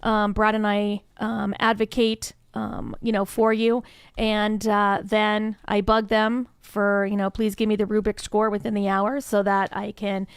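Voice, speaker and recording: A woman talks through her program with a chatty, upbeat energy, leaning on "um" and "you know" as she goes. Her voice is smooth and clear, recorded dry with almost no room sound. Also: medium pitch, flat delivery, unhurried, no echo. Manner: chatty and enthusiastic, frequent "um, you know" fillers. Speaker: incubator staff member, interview guest. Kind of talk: conversational interview answer.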